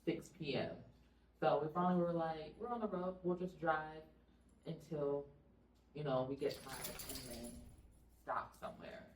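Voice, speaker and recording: A woman vlogger telling a story to her viewers in a casual, animated way, laughing often. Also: low-pitched, normal speed, slight background noise. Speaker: family vlogger. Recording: roomy sound, mic at a distance.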